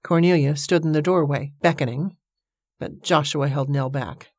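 A woman narrates a historical novel in a low, steady voice. Her delivery is measured and even, and the sound is dry and close with no room tone. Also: husky, no room sound. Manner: steady storytelling. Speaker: audiobook narrator. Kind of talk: scripted narration.

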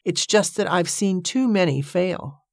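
A narrator voicing a gruff older male boatman who refuses flatly and bluntly in an audiobook. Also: medium pitch, moderate pace, no echo, studio quality, lightly acted. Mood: stern. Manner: curt, flat refusals.

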